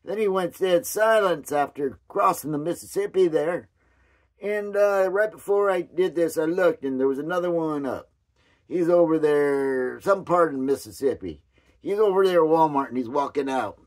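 A man rambling through a casual commentary vlog with a hoarse voice, often losing his train of thought. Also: on the high side, moderate pace, a little mellow. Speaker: commentary vlogger.

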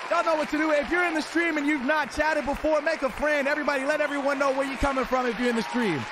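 A young man live-streams a football video game and keeps up a hyped, teasing patter with his chat. His voice sits very high for a man. Loud video game stadium crowd noise and hiss run under his voice. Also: fairly even intonation, fast talker. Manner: hyped, shouting out viewers, teasing. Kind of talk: casual livestream chat, reading chat aloud. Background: game stadium crowd and commentary.

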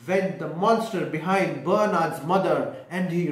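A man's voice: a little high, a little slow, hardly any pauses, a little mellow. A man reading a picture book aloud to children, explaining each page and asking them questions. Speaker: storyteller. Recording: echoey room.

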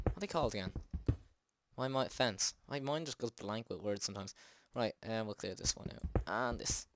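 A man's voice: lowish voice, moderate pace, background noise. A man hosting a let's play, chatting and joking at himself with jumpy exclamations. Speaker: gaming channel host. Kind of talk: let's play game commentary.

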